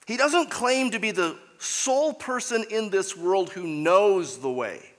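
A man's voice: high-pitched, expressive, a little slow, big-room sound. A man preaching a sermon as pastor, emphatic and repeating key phrases for weight.

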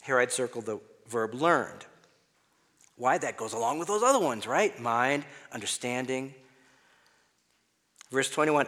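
A pastor with a medium-pitched, bright, forceful voice and lively intonation preaches unhurriedly, pausing often. In a church sanctuary with long hall reverb, he reads scripture aloud and then explains its words conversationally in an expository sermon.

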